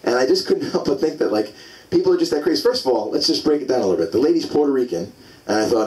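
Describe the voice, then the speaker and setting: Forty-something male stand-up, mid-pitched, chatty and rambling; a slightly distant club mic. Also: animated, very fast, darkish tone. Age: 40s. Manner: loose, rambling storytelling with many fillers. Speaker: stand-up comedian. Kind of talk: stand-up comedy set. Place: comedy club stage.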